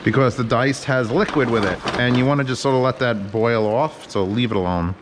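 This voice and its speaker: A man talks his way through a home cooking session in a loose, joking manner. He swears freely and rambles from one thought to the next. His pitch sits at an ordinary middle level for a man, with a faint background hum behind him. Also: fairly quick. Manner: joking, profane, rambling commentary. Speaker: home cook host. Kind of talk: casual cooking vlog. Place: home kitchen.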